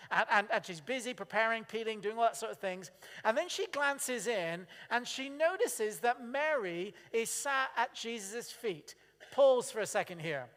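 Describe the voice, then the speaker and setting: Chatty preacher in a reverberant church. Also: male voice, sits high, a bit bright. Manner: chatty, asks the congregation questions, acts out quotes. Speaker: pastor. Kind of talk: sermon. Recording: long reverb of a church hall.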